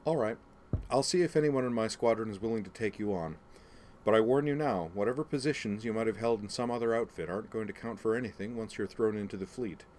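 A man's voice: on the low side, a little mellow, a little hiss or hum, lightly acted. A man voicing a stern alien woman admiral. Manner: dry, measured, authoritative.

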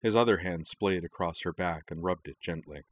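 Deep-voiced male storyteller. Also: normal speed. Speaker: narrator. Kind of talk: scripted story narration.

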